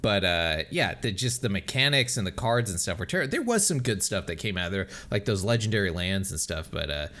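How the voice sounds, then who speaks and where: A man's voice: on the low side, animated, a little fast, few pauses, pushed and bright. A man co-hosting a casual podcast, ranting and laughing often between phrases. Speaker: podcast co-host.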